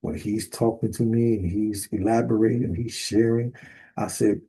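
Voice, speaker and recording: A man ministering in a sermon, emphatic and building to sudden forceful bursts. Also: on the low side, steady tone, moderate pace, breathy edge, rough recording. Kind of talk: preaching sermon.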